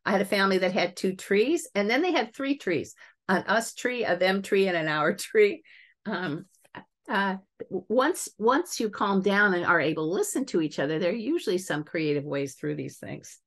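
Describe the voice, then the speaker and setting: An older woman, a family psychologist, giving a webinar lecture and telling lively case stories. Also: mid-range voice, moderate pace. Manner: lively storytelling, chuckles at examples.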